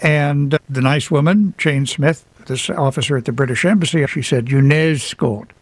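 With a somewhat high voice at a moderate pace and no echo, a man who wrote a book appears as a radio interview guest. He reflects on personal stories in a casual storytelling manner, adding a bit of light humor.

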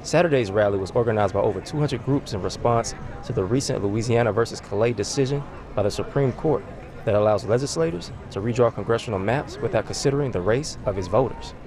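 A male reporter reading a quick, scripted field piece in a mid-pitched voice. A loud crowd murmurs behind him. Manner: brisk, scripted narration.

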